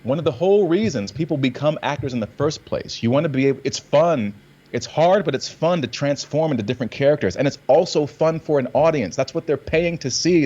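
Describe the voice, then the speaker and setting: A man's high-side voice comes through on dull audio. He's an actor appearing as a guest in a casual conversation, telling energetic stories and acting out lines in different readings.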